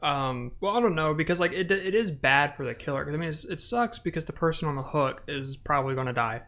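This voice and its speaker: A man's voice: fairly high pitch, fast. A man hosting a casual gaming podcast, telling stories with lots of swearing and laughter. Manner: animated storyteller, swears, laughs often. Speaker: podcast host.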